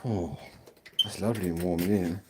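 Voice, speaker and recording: A man's voice: low voice, fairly even intonation, brisk, background noise. An English man chatting bluntly in slang as he films a walk-and-talk vlog outdoors at night. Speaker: vlogger. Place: outdoors at night walking, then indoors at home.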